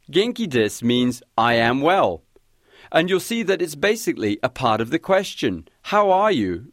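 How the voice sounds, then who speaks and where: A man hosting a scripted language lesson, guiding listeners clearly and encouragingly. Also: fairly high pitch, no echo, studio quality. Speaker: language teacher host.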